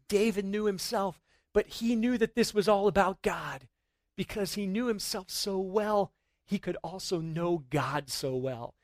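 A middle-aged man preaching a sermon in a church, earnest and rising to excited emphasis at times. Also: sits high, unhurried, no room sound. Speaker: pastor.

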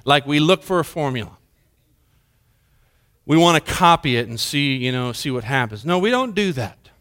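A man's voice: on the high side, lively intonation, moderate pace, fairly bright tone, clean tone. A male pastor preaching a sermon in church, earnest and conversational, asking the congregation questions. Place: church sanctuary.

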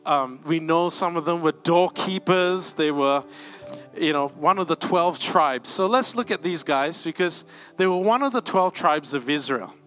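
A man's voice: fairly high pitch, lively intonation, unhurried, fairly bright tone, faint music behind. A man preaching a conference sermon in a church, conversational, with asides and light laughs. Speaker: pastor.

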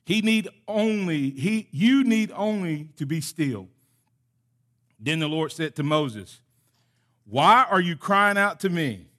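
Speaking slowly, a pastor delivers a sermon in a high, bright voice, animated and direct as he stages lively exchanges between God and his audience. His preaching winds down into a soft closing prayer.

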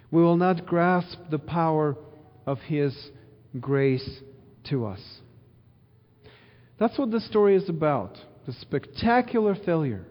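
A male pastor giving an earnest sermon full of repeated phrases and rhetorical questions. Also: high-pitched. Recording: dull sound with long hall reverb.

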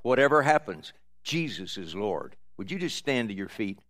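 A man, a pastor, ending a sermon with calm, measured exhortation to the congregation. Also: fairly low pitch, no echo.

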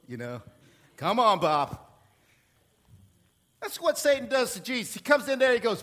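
Animated male preacher, high and bright tone, playful sermon delivery. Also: fairly quick. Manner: animated, playful preaching with sudden jumps in pitch and volume. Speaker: pastor.

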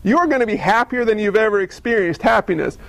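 Man, pastor, sermon, high gravelly voice, conversational storytelling, dry sound. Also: fast talker, no echo. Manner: conversational, animated storytelling with questions to the audience.

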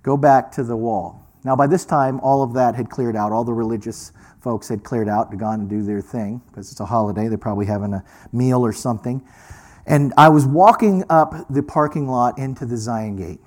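A man preaching, telling a personal story with lively delivery and acting out the voices of people he met. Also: medium pitch, fairly quick. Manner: animated storyteller, acts out quoted voices. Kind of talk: sermon storytelling.

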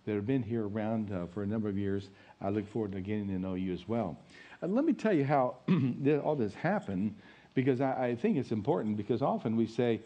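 A man's voice: fairly low pitch, warm tone, muffled recording. A middle-aged man, an interim pastor, giving an informal, chatty sermon full of fillers and storytelling. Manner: folksy and chatty, many fillers, chuckles at own stories.

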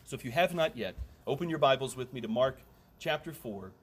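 A man's voice: medium pitch, lively intonation, fairly quick, a little hiss or hum. A man preaching a sermon in a conversational way, with humorous asides and emphatic repetition.

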